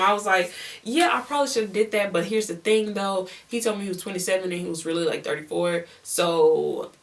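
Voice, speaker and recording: A young woman telling a story on her vlog in a casual, animated, slangy way, repeating words for emphasis. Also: mid-range voice, brisk, far from the mic. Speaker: beauty vlogger.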